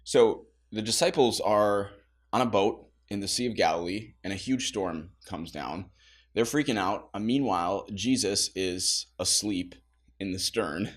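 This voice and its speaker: A man's voice: lowish voice, unhurried. A man pastor leading a casual Bible study, talking conversationally with laughing asides.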